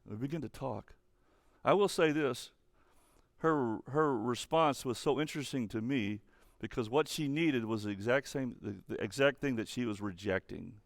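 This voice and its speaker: A man's voice: mid-range voice, moderate pace, gravelly, no room sound, clean studio sound. A man giving an earnest online sermon to teenagers as their youth pastor. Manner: earnest, speaks straight to teens.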